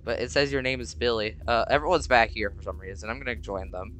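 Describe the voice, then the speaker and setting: Young guy, chatty horror gameplay, bright voice, yells a lot. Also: fairly low pitch, steady tone, fast, slight background noise. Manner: jumpy, chatty, prone to sudden shouts. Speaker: gamer. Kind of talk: casual gameplay commentary.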